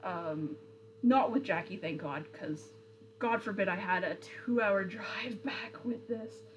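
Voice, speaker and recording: A woman's voice: medium pitch, slow pace, a little hiss or hum, low-quality recording. A young woman streamer in casual chat, rambling with lots of fillers and answering viewer comments. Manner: rambling, chatty, with frequent fillers and self-corrections.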